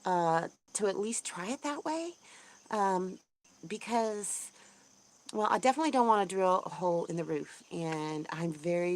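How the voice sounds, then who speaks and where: A woman hosting a casual livestream, chatting in a rambling way with lots of ums and restarts and greeting viewers brightly. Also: lowish voice, a little hiss or hum. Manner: bubbly, voice jumps up when greeting viewers. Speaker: homesteading channel host. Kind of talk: casual livestream chat, reading viewer comments.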